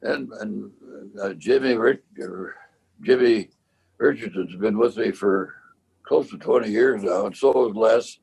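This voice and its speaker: A very old man reminisces about his band in a relaxed interview. His low voice is gravelly and husky. He rambles, stops and restarts his sentences as he tells his stories. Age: 90s. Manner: rambling, halting storyteller with many restarts. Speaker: bandleader and cornet player.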